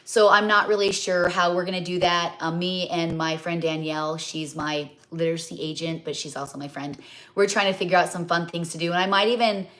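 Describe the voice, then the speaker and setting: A woman's voice: lowish voice, steady tone, a little fast, fairly bright tone. A middle-aged woman rambling in a chatty way as she hosts a live cooking stream. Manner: chatty and rambling, many fillers and asides. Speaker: cookbook author hosting a live cooking stream. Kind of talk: casual live cooking chat.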